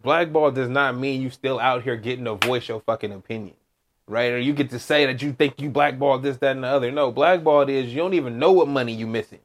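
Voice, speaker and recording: A podcast co-host in casual sports chat, ranting emphatically and profanely. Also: male voice, mid-range voice, fast talker.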